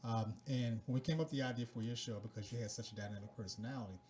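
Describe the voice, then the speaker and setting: A man's voice: medium pitch, fairly even intonation, racing, a little mellow. A man in his fifties, a network producer, explaining in a businesslike way with a slightly rusty voice. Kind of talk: casual chat.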